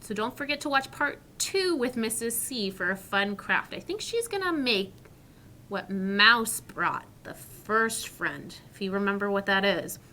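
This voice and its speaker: A woman teacher reading a story to young children, asking questions and modelling sounds slowly and clearly. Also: medium pitch, expressive, bright, forceful tone, a little hiss or hum. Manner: slow, clearly articulated, questioning.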